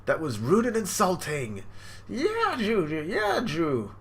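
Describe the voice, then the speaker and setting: A man's voice: a little high, sing-song, moderate pace, a bit bright, pitched above the performer's own voice. A man reading a manga aloud and voicing a haughty, offended witch woman in a raised voice.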